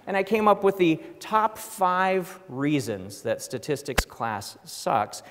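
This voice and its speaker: Middle-aged male professor, dry self-mocking humor, lecture hall reverb. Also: a little high. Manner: wry, self-deprecating, acts out quotes. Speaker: professor giving an award lecture.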